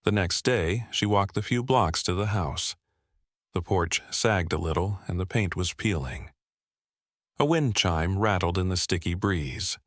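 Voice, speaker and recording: A man with a very low voice tells a true-crime story as scripted narration. His delivery is steady and measured, and the recording is dry and close. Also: no echo.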